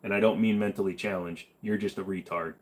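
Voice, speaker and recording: A man's voice: sits low, steady tone, fairly quick, a little mellow, a little hiss or hum. Blunt, profane man live-streaming. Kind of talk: casual live stream chat reading comments.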